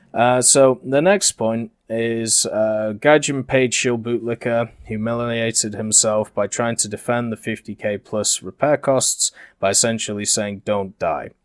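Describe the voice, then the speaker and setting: A young Englishman from Yorkshire with a neutralized, softened Yorkshire accent, talking slowly and deliberately with many fillers as a gaming commentator. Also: on the low side, dry recording, clean studio sound. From Yorkshire, England. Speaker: gaming YouTuber. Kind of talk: commentary over game footage.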